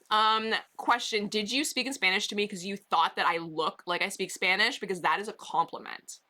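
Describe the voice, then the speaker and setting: Chatty bright-voiced woman streamer. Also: mid-range voice, normal speed. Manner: chatty, rambling, many "um"s and "like"s. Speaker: livestreamer. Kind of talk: casual chat with viewers. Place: basement bedroom.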